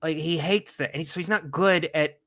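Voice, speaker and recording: Bright punchy guy on a podcast, a bit high pitched, tells stories all animated. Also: moderate pace. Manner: animated storytelling, loud mock excitement. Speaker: podcast co-host. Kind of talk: casual chat.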